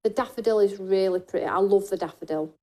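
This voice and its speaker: Talking fast in a dark-toned voice, a woman runs a live craft shopping broadcast. She jokes and chats while promoting deals and responding to viewer comments.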